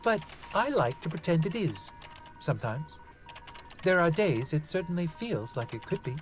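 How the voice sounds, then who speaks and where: A reader voicing a gentle, wistful grown man in an audiobook. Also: mid-range voice, sing-song, measured pace, faint music behind, voice pushed up. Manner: soft and wistful. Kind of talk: audiobook character voice.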